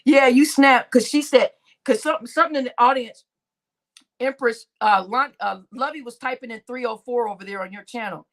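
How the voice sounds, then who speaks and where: A woman's voice: a little high, brisk. A woman hosting a livestream, chatting casually with viewers and a co-host, laughing often and calling the audience y'all.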